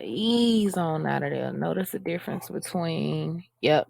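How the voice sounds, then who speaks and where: A woman with a lowish, gravelly voice and a darkish tone hosts a casual coding screen-share, reading the instructions aloud in a chatty, self-mocking way. She takes it slowly and rarely pauses, and the recording is dry.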